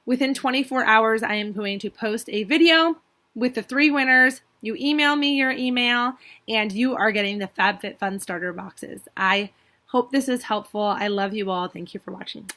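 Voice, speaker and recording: A woman's voice: a little high, normal speed, bright, forceful tone. A young woman vlogger talking earnestly and tearfully to her viewers, now and then apologizing for rambling. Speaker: beauty vlogger. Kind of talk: emotional personal vlog.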